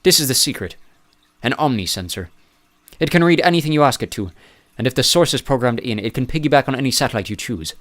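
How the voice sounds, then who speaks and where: A man's voice: medium pitch, expressive, fast talker, a bit bright, lightly acted. A man doing a haughty teenage boy genius. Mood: cool, haughty. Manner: precise, haughty. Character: arrogant teenage boy genius, precise and cool.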